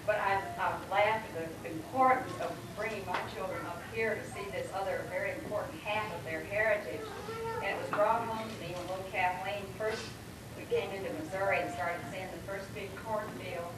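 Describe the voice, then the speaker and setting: A tearful woman speaks to a family reunion in a halting, heartfelt way, repeating her words as she goes. Her voice sits mid-height. She is heard from far off in a very echoey hall under loud noise. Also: mid-range voice, fairly even intonation. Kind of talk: emotional heartfelt speech.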